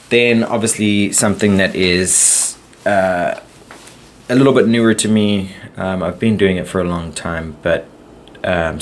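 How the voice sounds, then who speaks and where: A man's voice: low-pitched, slight background noise. A man hosting a casual solo podcast, chatty and rambling, laughing at his own stories. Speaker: podcast host.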